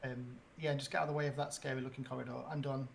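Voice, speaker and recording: A tabletop player with a mid-pitched voice, speaking in a giggly, unsure way and peppering the talk with ums. A faint hiss runs behind the voice. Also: level tone, racing, vocal fry, rough recording. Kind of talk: casual tabletop play.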